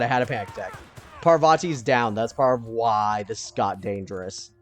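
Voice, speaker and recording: A man giving casual let's-play commentary, thinking aloud and now and then breaking into panicked yelling. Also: fairly low pitch, moderate pace, soft background music.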